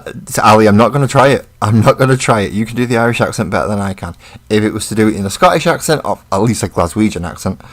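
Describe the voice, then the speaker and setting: A man chatting casually on a live stream while he paints miniatures, laid-back and rambling, and blunt with trolls. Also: on the low side.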